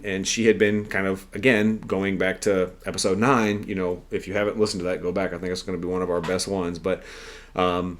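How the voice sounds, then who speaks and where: Man, lowish voice, podcast host, earnest, rambling, casual storytelling.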